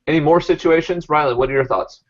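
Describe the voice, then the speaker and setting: A man's voice: a little high, fast talker, dull audio. A man leading a real estate sales training, coaching the team with many fillers and restarts.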